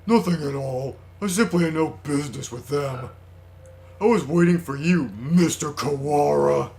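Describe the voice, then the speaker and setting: A man voicing a calm, sinister male bird doctor in a video game, reading slowly and deliberately. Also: a little high, lightly acted. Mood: smug. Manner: measured, smug, slow and deliberate. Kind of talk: reading game dialogue aloud.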